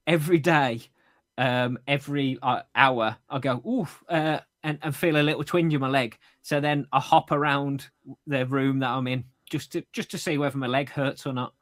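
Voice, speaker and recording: On a remote call using AirPods, this running podcast co-host chats casually, tripping over words and laughing at his mistakes. He speaks in a mid-range, slightly bright voice.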